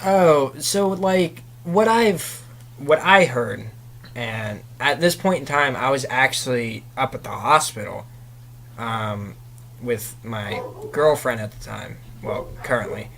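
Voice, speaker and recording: A man's voice: medium pitch, animated, slow pace, vocal fry, a bit bright. A young man, a guest in a casual chat, telling a long story with lots of "you know" fillers.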